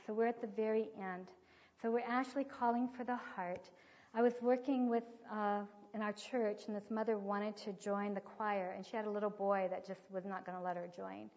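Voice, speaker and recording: A middle-aged woman giving an earnest teaching talk with a personal story, soft-spoken and often sinking to a near whisper. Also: medium pitch. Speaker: speaker on child training. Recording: dull lo-fi sound with long hall reverb.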